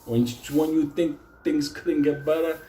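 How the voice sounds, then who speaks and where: A man casually telling a story, animated and swearing constantly. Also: a little high, a little slow, echoey room, slight background noise.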